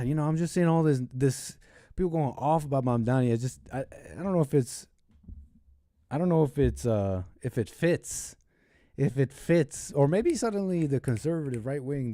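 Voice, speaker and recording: A man's voice: medium pitch, lively intonation, normal speed, dark tone, no room sound, clean studio sound. A man hosting a casual political livestream, rambling and hesitant, often breaking off mid-sentence. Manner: rambling, hesitant, self-interrupting. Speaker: stream host.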